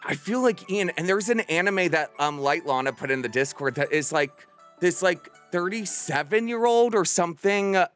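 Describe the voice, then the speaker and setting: A man's voice: high voice, expressive, normal speed, fairly bright tone, clean tone, soft background music. A man in his thirties chatting casually with viewers on a livestream, bubbly and theatrical. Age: 30s. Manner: bubbly and theatrical, bursts into playful screams.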